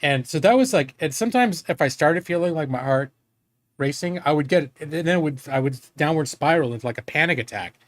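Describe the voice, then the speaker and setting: A man's voice: fairly high pitch, lively intonation, fairly quick, dry recording. A man in his forties chatting casually on a live stream, rambling and candid, swearing freely and joking at his own expense. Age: 40s.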